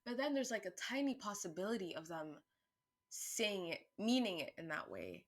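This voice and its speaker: A woman vlogger thinks out loud in a relaxed monologue at normal speed, wandering off and restarting her sentences while swearing freely. She's animated, and her voice climbs in pitch and volume whenever she gets worked up.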